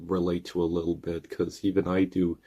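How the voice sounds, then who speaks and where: A man's voice: sits low, completely flat delivery, a little fast, mellow, husky, lo-fi sound. A man in his thirties giving a casual, earnest movie review, retelling the plot in long rambling strings of "and then". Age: 30s. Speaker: channel host reviewing a movie.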